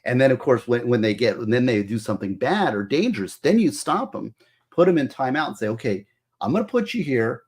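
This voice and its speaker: A man's voice: medium pitch, lively intonation, fairly quick, darkish tone. A middle-aged man, a former prosecutor, giving earnest advice in casual talk, lecturing with many restarts. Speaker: former juvenile prosecutor, guest.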